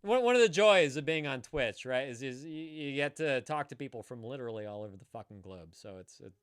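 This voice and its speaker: Animated male host, chatty and profane, dry close mic. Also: mid-range voice, fairly quick, clean tone, no echo. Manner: animated, swearing freely, jokey. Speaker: stream host. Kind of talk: casual live-stream chat.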